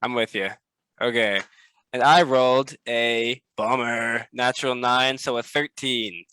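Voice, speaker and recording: A man with a bright, forward voice plays in a casual tabletop game. He jokes at his own expense and chats loosely with the table. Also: medium pitch, steady tone, a little slow, clear, resonant tone, dry recording. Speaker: player.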